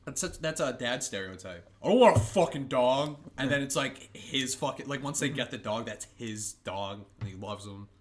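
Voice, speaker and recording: A man's voice: mid-range voice, moderate pace, few pauses. A young man co-hosting a casual podcast, telling stories with lots of swearing and acted-out voices. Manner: animated storytelling, swearing, acting out voices. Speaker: podcast co-host. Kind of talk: casual chat.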